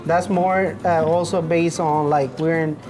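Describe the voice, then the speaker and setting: A man, a chef, explaining his dishes in a relaxed, matter-of-fact way. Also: fairly high pitch, a little slow, over music. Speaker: chef and restaurant owner.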